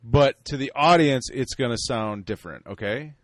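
A man's voice: medium pitch, normal speed, no room sound. A man hosting a podcast, joking and talking casually. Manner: joking, animated. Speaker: podcast host.

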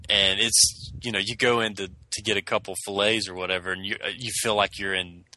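A man with a Southern US drawl, chatting loosely on a podcast. His voice has a hard, forceful edge, sits fairly low, and sounds dry and close to the mic. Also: fairly even intonation, brisk, dry recording, poor audio. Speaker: podcast co-host. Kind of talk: casual chat.

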